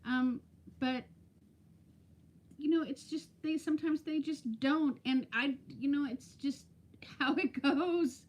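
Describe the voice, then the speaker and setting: A woman's voice: high-pitched, slow. Fifty-something lady chatting on a livestream, telling a story, saying hi to folks as they come in. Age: 50s. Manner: chatty, storytelling, greets viewers by name. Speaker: weight-loss vlogger. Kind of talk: casual live-stream chat.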